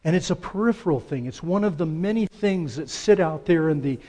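A man preaches in a sanctuary with a long, ringing reverb trailing his words. His voice sits somewhat high for a man, yet sounds warm and mellow. He swings between loud emphasis and soft, quiet asides. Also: animated, brisk. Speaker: pastor. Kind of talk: sermon.

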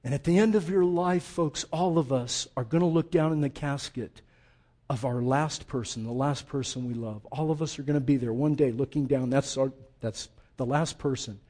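A middle-aged man preaching a sermon as pastor, impassioned, swinging between loud urging and hushed intensity. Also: medium pitch, normal speed.

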